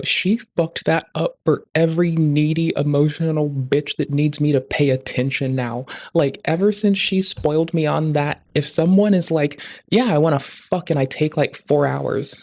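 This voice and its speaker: A livestreamer talks through the stream in casual commentary, swearing nonstop. The voice sits at a middling pitch and keeps a crude, ranting edge. It spikes loud and high whenever a rant builds. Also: a little slow, dry recording. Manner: profane, ranting, crude jokes; rising loud and high in outbursts.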